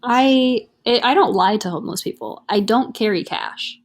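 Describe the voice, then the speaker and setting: A woman's voice: on the high side, normal speed. A young woman co-hosting a podcast, chatting casually and telling frank stories with laughter. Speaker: podcast co-host. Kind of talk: casual chat.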